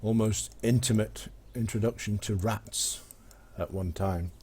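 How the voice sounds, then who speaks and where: A man chats on his game stream in a low, warm voice, telling old jokes. He rambles and stumbles, filling gaps with hesitant ums and uhs over a faint background hiss. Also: fairly even intonation, measured pace. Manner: rambling, hesitant with many fillers and restarts. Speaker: live-stream gamer. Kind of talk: casual live-stream chat, telling jokes.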